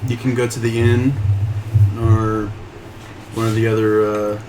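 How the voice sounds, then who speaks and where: A man narrating as game master of a tabletop game, describing scenes in a halting way with many fillers and restarts. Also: on the low side, completely flat delivery, background noise.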